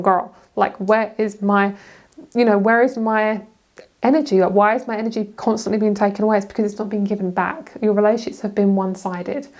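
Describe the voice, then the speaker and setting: A woman's voice: mid-range voice, darkish tone. A young woman doing a casual tarot card reading, chatty and loose, swearing freely and laughing at her own words. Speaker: tarot reader.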